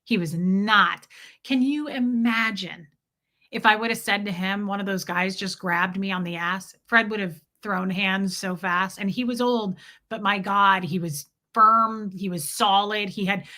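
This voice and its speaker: A woman tells a story from her own life to her viewers. Her voice is bright and crisp. She talks casually and with animation, swears freely, and slips into the voices of the people she quotes. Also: mid-range voice, a little slow. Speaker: streamer telling a personal story. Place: home basement studio.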